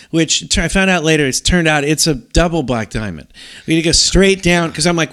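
A middle-aged man with a slightly higher-than-usual voice tells a story on a casual podcast. He rambles and restarts his sentences often, getting animated as the story builds. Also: brisk. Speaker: podcast co-host.

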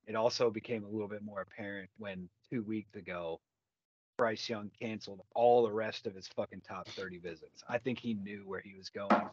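A man's voice: lowish voice, muffled recording, background noise. A man co-hosting a casual sports podcast, cursing freely and repeating words as he talks. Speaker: podcast co-host.

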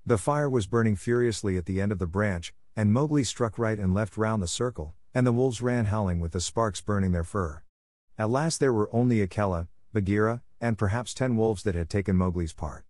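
A man narrating a classic story aloud in a measured, dramatic reading style. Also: lowish voice, a little mellow, no room sound, clean studio sound.

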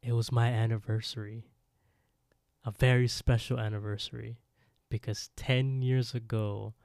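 A man voicing a lonely ghost woman, speaking softly and reproachfully about a broken promise. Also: mid-range voice, flat delivery, a little slow, vocal fry, no room sound, studio quality. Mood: mournful.

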